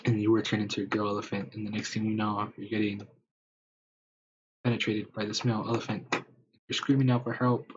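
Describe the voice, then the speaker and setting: A man's voice: lowish voice, level tone, fairly quick, long pauses. A man improvising a rambling story in the second person, with many fillers, on a dull lo-fi recording with faint hiss.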